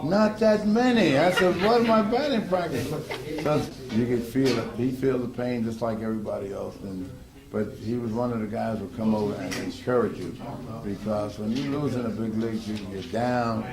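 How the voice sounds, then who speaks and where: A former ballplayer telling lively anecdotes in an interview, often laughing. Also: male voice, on the low side, a little fast, gravelly, roomy sound, a crowd in the background, rough recording. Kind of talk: storytelling interview.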